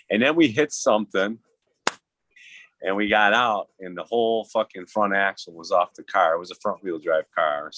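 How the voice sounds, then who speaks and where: Low-voiced man in his fifties, rambling stories. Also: fairly bright tone, dry recording. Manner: rambling and profane, laughs at his own stories. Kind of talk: casual storytelling chat.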